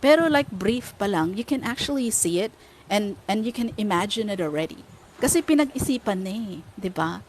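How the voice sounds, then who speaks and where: Animated Filipino woman podcaster. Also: mid-range voice, a little fast, slight background noise. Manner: animated, code-switching between Filipino and English. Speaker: podcast host. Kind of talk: casual chat.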